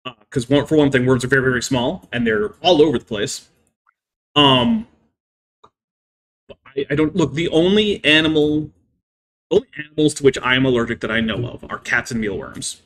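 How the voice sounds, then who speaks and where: A man's voice: medium pitch, lively intonation, normal speed, long pauses, a bit bright. A man hosting a live stream, explaining science at length with many "I mean" fillers. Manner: careful, lecturing explanations. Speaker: livestream host.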